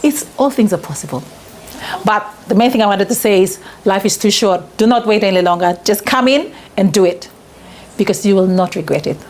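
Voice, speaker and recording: A woman's voice: medium pitch, a little fast, slight background noise. A woman giving an earnest, reflective testimonial about a retreat in an interview. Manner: earnest, reflective, laughs when excited.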